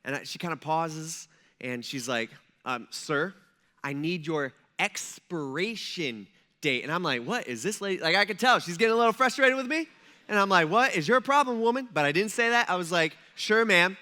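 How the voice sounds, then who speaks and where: A man's voice: high voice, animated, fairly quick, pushed and bright. A man preaching a conversational sermon in a church, telling stories and acting out quoted asides. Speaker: pastor.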